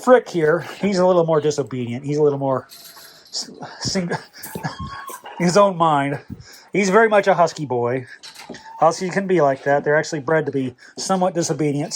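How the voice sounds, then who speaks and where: A man volunteering at an animal rescue, chatting casually and lovingly to shelter dogs at bedtime, rambling and laughing as he goes. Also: fairly high pitch. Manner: affectionate, rambling, laughs often, soft night-night goodbyes. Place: animal shelter kennel at night.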